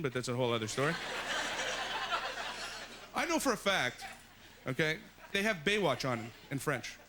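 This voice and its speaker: A man doing an animated stand-up comedy set on a club stage, with exaggerated, punchy delivery. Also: fairly high pitch, slight background noise. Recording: live set with loud audience laughter.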